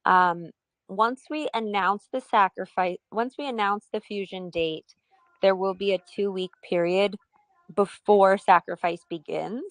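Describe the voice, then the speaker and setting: A woman's voice: medium pitch, measured pace, dry recording. A woman co-hosts a livestream Q&A, relaying viewer questions and spelling out the details plainly, with a light touch of amusement. Her voice sits in the middle of her range, recorded close and dry with no room sound. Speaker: co-host reading community questions. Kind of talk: casual livestream Q&A.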